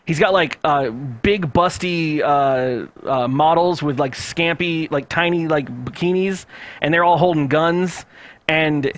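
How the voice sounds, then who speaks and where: A man's voice: on the high side, unhurried, fairly bright tone. A man hosting a podcast, telling a story in a rambling, profane way with lots of fillers. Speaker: podcast host. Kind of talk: casual chat.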